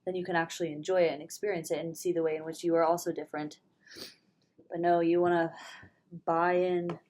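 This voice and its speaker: A woman's voice: lowish voice, flat delivery, fairly quick, a little mellow, a little hiss or hum. A young woman vlogging in a rambling, candid way about her spiritual views, swearing freely. She is hungover and stuffy-nosed, and she sometimes drops into a whisper. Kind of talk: casual spiritual vlog monologue.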